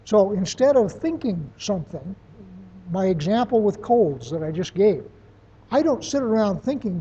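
A husky, mellow voice teaching a class in a plain, down-to-earth way, reaching for everyday examples. The sound is dull and lo-fi, like a muffled lecture recording. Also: mid-range voice, big pitch swings, normal speed.

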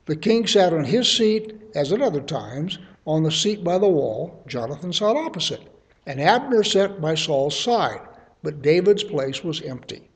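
A man's voice: fairly high pitch, sing-song, a little slow. A middle-aged man teaching the Bible verse by verse, reading passages aloud and then explaining them in casual, everyday terms.

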